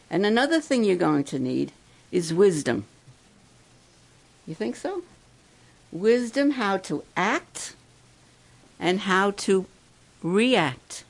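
A woman giving a devotional talk to campers and adults, asking the crowd questions and slowing down to stress key words. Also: medium pitch, sing-song, vocal fry, poor audio. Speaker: camp speaker.

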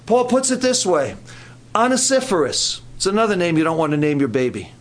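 Older male camp preacher, lively delivery with playful asides, voice pitched somewhat high. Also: fairly quick. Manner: animated, jokey preaching with quoted asides. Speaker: camp speaker. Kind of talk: sermon.

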